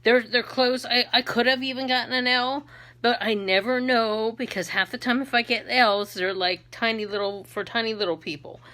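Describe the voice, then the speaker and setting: Middle-aged lady doing makeup on camera, chatty and giggly, crisp bright voice. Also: fairly even intonation, normal speed. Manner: chatty, laughs often, bursts into shrill put-on accents. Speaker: beauty vlogger and makeup seller. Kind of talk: casual makeup tutorial chat.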